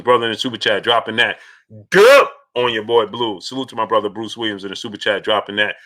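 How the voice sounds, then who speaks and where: Man, live-stream host, casual boxing talk, animated, greeting chat, bright forceful voice. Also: medium pitch. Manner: animated, greets viewers by name mid-argument. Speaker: live stream host reading super chats.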